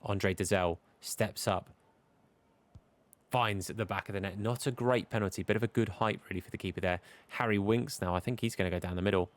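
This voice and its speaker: A man's voice: fairly low pitch, steady tone, fairly quick. Chatty man calling his game. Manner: chatty, commentator-style play-by-play. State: hiccuping. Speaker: gaming YouTuber. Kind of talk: casual game commentary.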